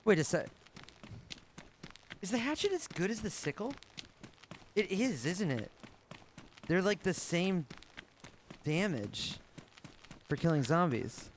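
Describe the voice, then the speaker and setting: A man streaming a game live, thinking out loud and swearing casually as he plays. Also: high-pitched, sing-song, slow pace, pauses often, a little hiss or hum. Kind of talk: live gameplay commentary.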